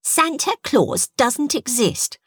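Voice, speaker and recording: A woman playing a sharp little alien sea creature girl who corrects everyone, with a raised pitch. She stays lively and sounds close and dry, like a storybook reading. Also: slow, slightly rough, no room sound, heavily acted. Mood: matter-of-fact. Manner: matter-of-fact, correcting.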